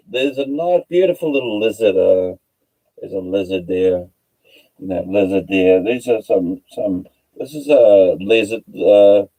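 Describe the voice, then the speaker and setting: A man talks slowly through a casual livestream in a very dark, mellow voice. He rambles and halts, trips over tricky words and spells them out. His voice sits low. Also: poor audio. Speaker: livestream host.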